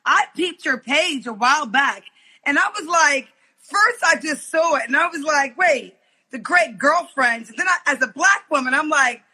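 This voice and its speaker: Raspy, bright-voiced woman coach. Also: high-pitched, normal speed, poor audio. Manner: animated storytelling, acts out quoted voices, laughs often. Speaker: guest, football coach. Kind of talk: casual interview chat.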